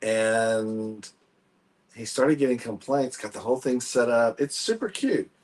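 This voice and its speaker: A man co-hosting a casual real estate panel chat, telling stories in a chatty way and trailing off softly at the ends of his thoughts. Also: medium pitch, animated, a little slow. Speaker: real estate agent and co-host. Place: Houston.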